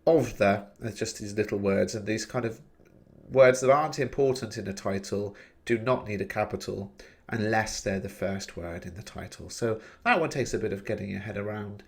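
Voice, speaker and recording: A man teaching an exam revision lesson, explaining clearly and stressing key points as he works through examples. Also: lowish voice, moderate pace. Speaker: English teacher.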